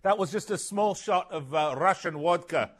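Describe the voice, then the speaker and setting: A man's voice: sits high, moderate pace. Exuberant male sports radio co-host. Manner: exuberant, joking, rambling with fillers. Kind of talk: casual sports radio chat.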